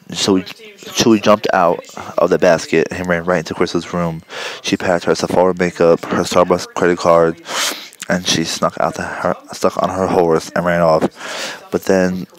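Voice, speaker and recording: Deep-voiced man rambling through a story. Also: low-quality recording. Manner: rambling, halting, self-correcting. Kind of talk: improvised comic storytelling.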